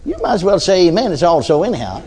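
A man's voice: sits high, big pitch swings, fast, dark tone, slight background noise. An older man preaching a sermon in a folksy storytelling way, often adding amens and hallelujahs.

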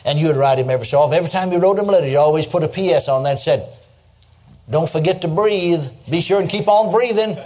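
A man's voice: fairly high pitch, quick pace, darkish tone. An older man preaching a sermon, telling stories in a folksy way and chuckling as he goes. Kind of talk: sermon with storytelling.

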